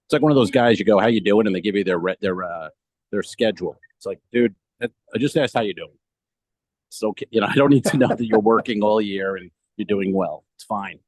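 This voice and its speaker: A man's voice: on the low side, fast talker, darkish tone, no room sound, poor audio. A man co-hosting a comedy podcast in casual chat, rambling through stories, swearing and laughing as he goes, talking over a remote call. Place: remote call from a cruise ship.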